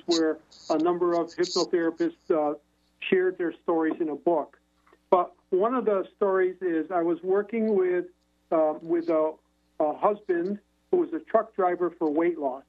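A man's voice: high voice, darkish tone. A man, a hypnotherapist guest, telling stories over a phone line in a rambling way, with many restarts and fillers. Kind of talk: casual storytelling on a radio call-in.

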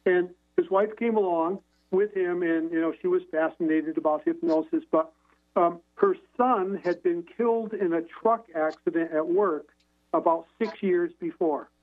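A man's voice: high voice, normal speed. A man, a hypnotherapist guest, telling stories over a phone line in a rambling way, with many restarts and fillers. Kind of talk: casual storytelling on a radio call-in.

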